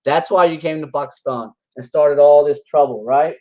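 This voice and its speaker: A man's voice: on the high side, moderate pace, muffled recording. A man giving casual reaction commentary on religious videos, combative and mocking, rambling with scoffing laughs. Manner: rambling with frequent restarts.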